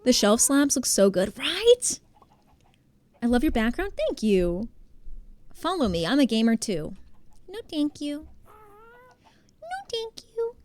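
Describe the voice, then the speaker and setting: A woman's voice: fairly high pitch, big pitch swings, a little slow, long pauses, a little mellow, no room sound. A young woman streamer chatting casually with her viewers while playing a building game, swearing freely and making fun of herself. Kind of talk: casual live-stream chat while gaming.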